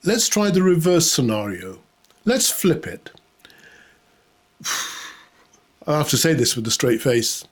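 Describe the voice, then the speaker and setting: A man's voice: on the high side, big pitch swings, slow, pauses often, slightly rough. A man delivering a satirical comedy monologue in a sarcastic, mock-outraged way, often laughing at his own jokes. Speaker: comedy host.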